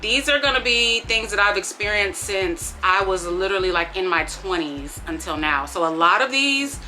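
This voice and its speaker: A woman, telling dating stories in a sassy, animated way, swinging between hushed disbelief and loud exclamations. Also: medium pitch, moderate pace, soft background music. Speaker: vlogger. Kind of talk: casual storytime vlog.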